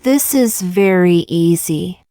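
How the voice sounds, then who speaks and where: A woman reading short example sentences one by one for English learners, in a slow, deliberate, evenly paced way. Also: fairly low pitch, expressive, dark tone, clean tone, dry recording, clean studio sound. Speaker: English teacher.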